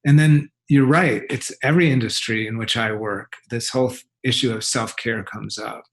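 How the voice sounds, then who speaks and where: A man, a psychologist guest, explaining things deliberately with hesitant, measured phrasing. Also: medium pitch.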